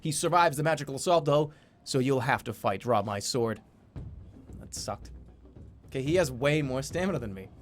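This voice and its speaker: A man streaming a game, reading the game's text aloud and reacting excitedly, with swearing and mock boasting. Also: medium pitch, moderate pace, long pauses, soft background music.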